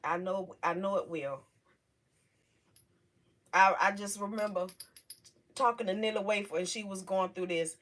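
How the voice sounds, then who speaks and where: A middle-aged woman hosting a casual livestream, talking emotionally and haltingly to her viewers, close to tears. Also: mid-range voice, fairly bright tone. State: on the verge of tears. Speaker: livestream host.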